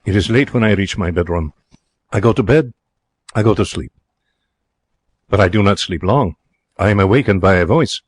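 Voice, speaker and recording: A man playing an excitable young Frenchman. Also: lowish voice, moderate pace, pauses often, no room sound, natural voice. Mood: wistful. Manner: broken English, theatrical and emotional. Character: young excitable romantic Frenchman, former hotel cashier. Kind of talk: 1940s radio drama narration.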